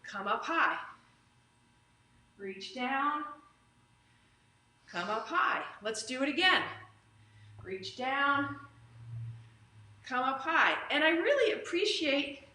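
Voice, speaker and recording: A woman's voice: a little high, animated, slow, pauses often, bright, forceful tone. A woman teaching a live online stretch and strength class, upbeat and chatty, often drifting into little tangents. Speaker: fitness instructor. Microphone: camera or phone streaming live. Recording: roomy echo.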